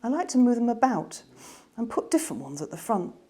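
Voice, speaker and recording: A woman reading her children's novel aloud in a gentle, expressive way. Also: fairly high pitch, brisk, breathy edge. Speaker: author reading her book.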